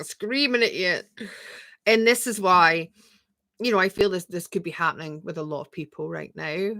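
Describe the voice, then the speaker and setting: On a live stream, a woman leads a spiritual coaching talk, reading viewer comments aloud and answering them. Her voice is bright yet fairly low, dry and close with no room sound, at a moderate pace, and she gently repeats phrases and leans on rhetorical questions.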